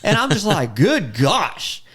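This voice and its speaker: Animated man telling a hunting story. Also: takes it slowly, slightly rough. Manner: animated, acts out quotes with sudden high-pitched outbursts. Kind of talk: casual storytelling.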